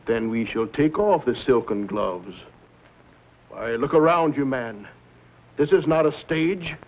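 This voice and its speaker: A man's voice: mid-range voice, measured pace, lightly acted. A man playing a silky, mocking villain. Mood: silky menace. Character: suave menacing male villain, smooth-talking gang boss. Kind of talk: 1950s TV western acting. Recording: dull lo-fi 1950s TV soundtrack.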